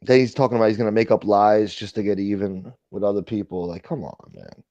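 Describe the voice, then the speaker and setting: A man's voice: on the low side, brisk, dark tone, no room sound, muffled recording. A man hosting a casual late-night livestream chat, rambling and swearing as he reads and answers viewer comments. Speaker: livestream host.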